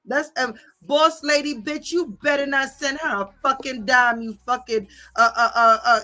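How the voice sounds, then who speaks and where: A woman livestreamer rants in a bright, forceful voice that sits a little high. She curses freely and drives her points home with repeated "okay?" tags. Faint music plays underneath. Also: fairly even intonation, normal speed. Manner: profane, confrontational, repeats "okay?" and "bitch". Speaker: livestream host. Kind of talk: heated livestream rant reading viewer comments.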